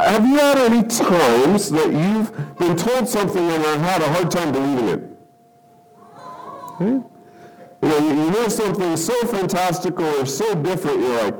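Animated, high-voiced male preacher. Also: brisk, soft background music, low-quality recording. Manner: animated, conversational, acts out quoted reactions; says "okay?" often to the congregation. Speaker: pastor. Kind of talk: sermon.

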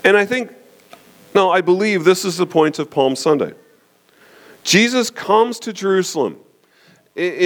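Male preacher, slightly higher voice, conversational sermon with constant check-ins. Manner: frequent "okay?" check-ins, restarts, rhetorical questions. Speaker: pastor.

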